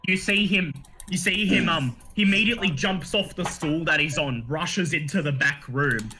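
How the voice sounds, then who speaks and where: A man narrating a tabletop game as game master, describing scenes in a lively, storytelling way. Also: fairly high pitch, normal speed, noisy background. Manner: animated storyteller, laughs along.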